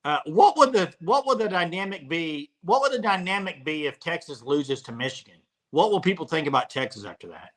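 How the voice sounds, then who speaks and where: A man hosting a live sports talk show, relaxed and conversational, speaking to the chat. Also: a little high, a little fast. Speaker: host.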